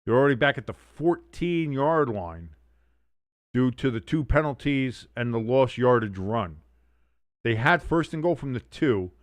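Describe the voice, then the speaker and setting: A man hosting a sports watch-along stream, giving excitable play-by-play with blunt, profane reactions. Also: mid-range voice, measured pace, dry recording. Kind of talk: casual live sports commentary.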